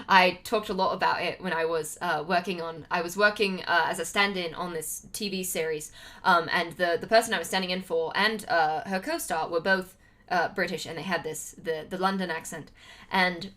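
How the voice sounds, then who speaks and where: A young American woman with a lowish, slightly bright voice chats casually with viewers on a livestream at a moderate pace. She rambles and uses lots of fillers.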